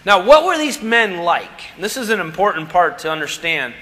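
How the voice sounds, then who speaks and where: A man delivers a sermon in a high, bright voice. He talks in a conversational way, asking questions and answering them himself. The sound carries a long reverb from a large hall. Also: very animated, moderate pace. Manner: conversational preaching with rhetorical questions. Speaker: pastor.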